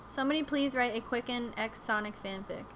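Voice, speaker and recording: A woman's voice: on the high side, a little fast, background noise. A young woman chatting casually on a live stream, rambling with lots of fillers and giggles.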